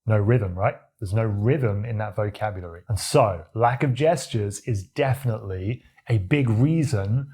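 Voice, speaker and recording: A man with a deep voice coaches the viewer on speaking with confidence. His tone is dark and mellow with a slightly husky edge. He talks straight to camera and acts out his own examples as he goes. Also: moderate pace, few pauses. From Australia. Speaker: communication coach. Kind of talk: talking-head tutorial to camera.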